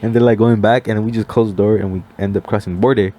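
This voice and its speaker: A man's voice: lowish voice, fast talker. A young man on a casual podcast, telling a story with lots of "like" and acting out what other people said. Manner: animated storyteller, acts out quoted voices, many "like" fillers. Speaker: podcast guest.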